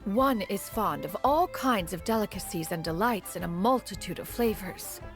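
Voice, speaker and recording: A woman's voice: mid-range voice, lively intonation, normal speed, soft background music, lightly acted. A woman voicing Cloud Retainer, a proud ancient female crane spirit who speaks in a formal, archaic way about herself as "one". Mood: stately. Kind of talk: game voice acting.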